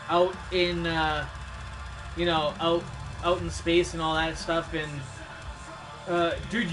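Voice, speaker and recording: A man streaming, chatting casually in a laid-back way, swearing often and laughing at his own stories. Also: high voice. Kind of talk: casual rambling chat. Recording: music playing in the background. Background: music.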